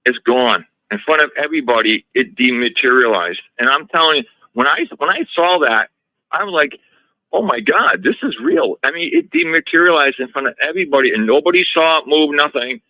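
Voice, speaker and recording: A man being interviewed as a guest, telling a story from his own home in a casual, animated way, with frequent restarts and retold dialogue. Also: on the high side, fairly quick, no echo. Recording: slightly dull lo-fi audio.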